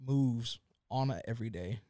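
A man's voice: mid-range voice, moderate pace, mellow, no room sound, studio quality. A man co-hosting a podcast in casual chat, laid-back and slangy, often calling his friends "man". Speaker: podcast co-host.

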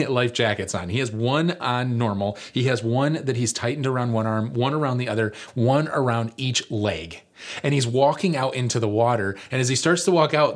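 A man preaching as lead pastor, telling a story in a casual, rambling way with fillers. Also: mid-range voice. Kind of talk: storytelling sermon.

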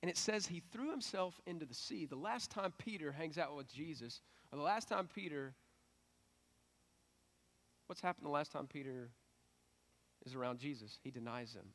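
A middle-aged male pastor giving a sermon in a conversational, animated way that builds to emphatic peaks. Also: on the high side, moderate pace, long pauses.

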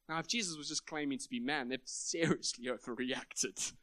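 A man's voice: medium pitch, normal speed, a bit bright, dry recording. A man preaching a sermon at a church meeting, emphatic and building up to big points.

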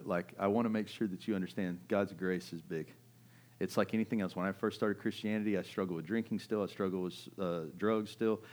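Conversational middle-aged male preacher, low-voiced. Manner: conversational preaching, swinging from loud and urgent to hushed; keeps asking "right?" to the audience. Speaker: pastor. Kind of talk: sermon.

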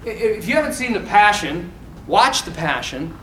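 High bright-voiced man, animated. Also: moderate pace, slight background noise. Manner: animated, casual, quotes scenes with feeling. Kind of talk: informal talk to young men. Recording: echoey room from far off.

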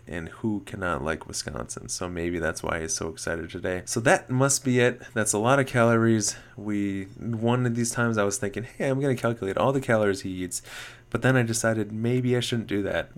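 A man hosting a casual sports podcast, teasing his co-host and laughing at him. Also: on the low side.

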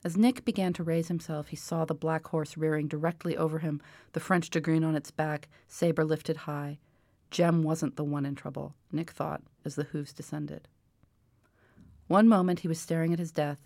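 A woman author reading aloud from her novel in a measured, expressive way. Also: low-pitched, dry recording. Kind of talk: book reading.

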